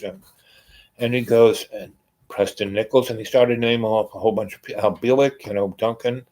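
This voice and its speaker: A man's voice: lowish voice, moderate pace, low-quality recording. Rambling man telling a long story. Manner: rambling, filler-heavy, voices others in quotes. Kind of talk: casual storytelling.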